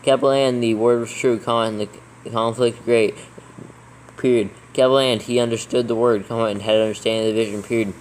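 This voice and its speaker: A man reads a passage aloud at a careful, deliberate pace, naming each punctuation mark and capital letter as he goes. His voice stays level and flat throughout. A faint hiss of noise sits under the recording. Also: medium pitch, low-quality recording. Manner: slow deliberate dictation. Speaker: proofreader dictating scripture. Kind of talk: reading text aloud with punctuation dictated.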